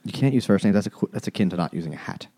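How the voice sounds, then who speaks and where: A man's voice: lowish voice, animated, rapid-fire, dark tone. A man co-hosting a casual podcast about a book, talking crudely and joking as he sums up the plot. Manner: crude, joking, quotes characters in mock voices. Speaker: podcast co-host. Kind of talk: casual comedic book chat.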